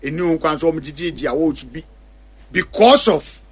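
A man's voice: fairly high pitch, lively intonation, normal speed, slightly rough. A man with a Ghanaian accent on a talk show panel, speaking critically and switching between Twi and English. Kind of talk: political discussion in Twi.

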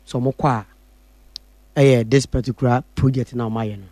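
A man's voice: medium pitch, steady tone, moderate pace, dark tone, no echo. A man with a Ghanaian accent giving a sports report on the radio, hesitant and full of fillers.

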